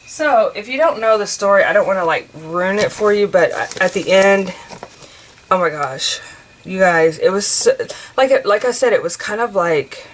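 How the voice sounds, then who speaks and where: An American craft vlogger in her forties talks at medium pitch and normal speed, animated as she works on a craft journal. She chats casually and rambles, with lots of fillers and restarts. The recording is low quality, with slight background noise.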